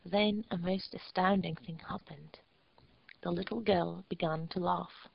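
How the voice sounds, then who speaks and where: A woman reads a story aloud at an even, unhurried pace, her voice carrying a gravelly fry. The recording is dry and a little dull, with no room sound around her. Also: lowish voice, dry recording. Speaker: narrator. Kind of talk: storybook narration.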